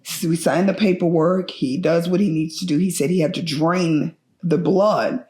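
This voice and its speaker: A middle-aged woman giving emotional personal testimony as a bereaved mother, earnest and halting, her voice breaking with grief. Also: fairly low pitch, fairly even intonation, warm tone, echoey room.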